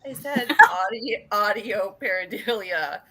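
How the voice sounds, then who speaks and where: A woman's voice: medium pitch, animated, unhurried, over a noisy crowd. A woman co-hosting a casual chat, giggly as she explains things. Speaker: co-host.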